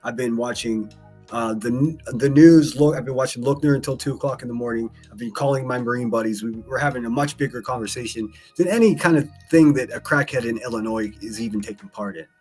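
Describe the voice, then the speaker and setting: A man hosts a casual live stream, reacting to clips and reading chat messages aloud, then commenting in a blunt, profane, mocking way. His voice is medium-pitched with a darkish tone, he talks a little fast, and faint music plays behind him.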